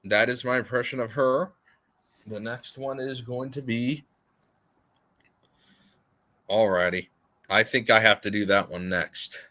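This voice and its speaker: A man's voice: mid-range voice, unhurried, long pauses, pushed and bright. A man hosting a livestream in rambling, casual chat, repeating his points emphatically. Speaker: livestream host.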